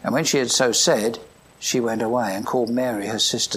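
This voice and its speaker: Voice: medium pitch, steady tone, brisk, a bit bright, breathy edge. A preacher delivering a morning sermon, reading scripture aloud and asking the congregation questions in a reflective way.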